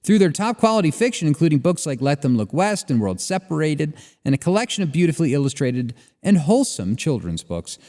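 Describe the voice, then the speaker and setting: A man co-hosting a podcast, reading sponsor spots and joking in a relaxed way with fillers. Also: a little high, long reverb tail. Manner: lively, joking, drawls ad reads with fillers. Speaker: podcast co-host. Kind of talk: casual chat and read ads.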